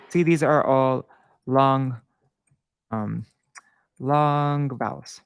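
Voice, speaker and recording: A man giving an informal screen-share lesson on Sanskrit verse, halting with many fillers and self-corrections. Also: medium pitch, steady tone, gravelly, smooth, dry recording. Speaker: Sanskrit teacher.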